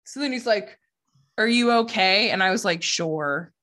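A woman in her forties co-hosts a podcast, telling candid, profane stories with laughs in casual chat. Her voice sits on the high side, fairly bright, at a normal speed.

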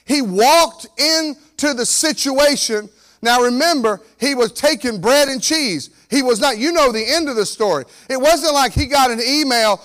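Pastor, male, 40s, very high voice, animated sermon delivery with loud and soft swings. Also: moderate pace. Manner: lively preaching that acts out the story characters, swinging from loud to quiet.

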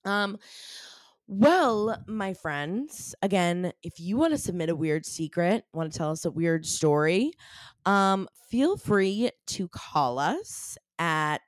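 A woman co-hosting a casual podcast, lively and joking, agreeing often with her partner. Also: fairly low pitch, slow, dry recording. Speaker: podcast co-host. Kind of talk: casual chat.

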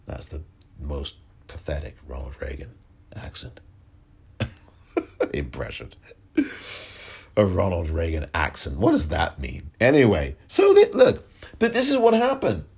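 A man hosting a podcast, delivering a sarcastic, animated political commentary monologue and repeating phrases for effect. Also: deep voice, unhurried, pauses often, breathy edge. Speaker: podcast host. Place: lives in California.

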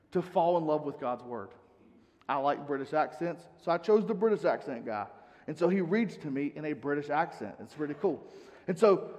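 A male pastor preaches to his congregation, moving between relaxed, chatty asides and scripture readings. His voice sits a little high, and it carries a long reverb from a church hall. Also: muffled recording. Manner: conversational preaching, reads scripture aloud. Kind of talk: sermon.

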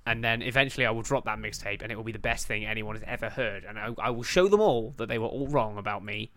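A man's voice: lowish voice, fast talker, bright, forceful tone, no room sound. A young man from England hosting a podcast in casual, sweary banter, joking and laughing often. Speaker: podcast host.

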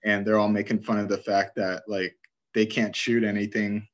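Man, fairly low voice, casual game talk, rambling, laughs at funny scenes. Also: little pitch movement, moderate pace, lo-fi sound. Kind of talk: casual video game chat.

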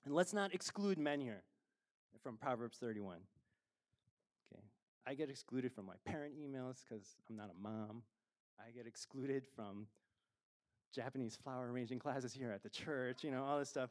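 A man's voice: mid-range voice, moderate pace. A middle-aged man preaching a sermon as a pastor, conversational and self-deprecating, with frequent fillers and laughs.

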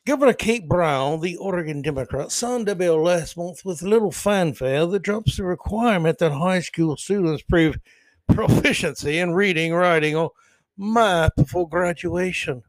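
A man putting on a British accent to read a news story in a formal, measured way. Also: high voice, dry recording, lightly acted. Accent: put-on British. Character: male news reader with a put-on British accent.

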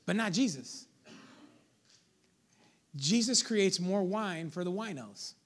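A man's voice: high voice, expressive, takes it slowly. A man preaching a sermon as pastor, conversational and playful, calling out to the congregation.

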